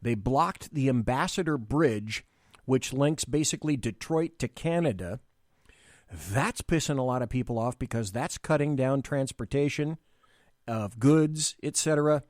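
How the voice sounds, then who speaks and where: A man's voice: medium pitch, a little slow, a little mellow, dry recording, studio quality. A man hosting a live political talk show, blunt and rambling, with frequent restarts.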